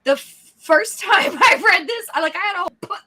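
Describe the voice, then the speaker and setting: Her voice is extremely high and fairly quick as she runs a live book club session. She reads casually, animatedly performs lines and the inner voice, laughs a lot, and pauses to check in with her listeners.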